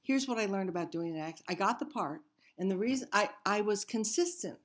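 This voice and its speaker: Candid, emphatic older actress. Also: female voice, medium pitch, lively intonation, fairly quick. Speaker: guest actress. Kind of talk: casual interview chat.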